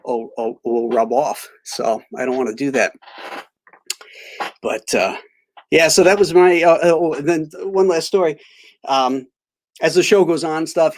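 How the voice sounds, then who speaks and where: A middle-aged man hosting a live stream, telling a rambling story full of halting restarts and reading out chat greetings. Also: medium pitch. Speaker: livestream host.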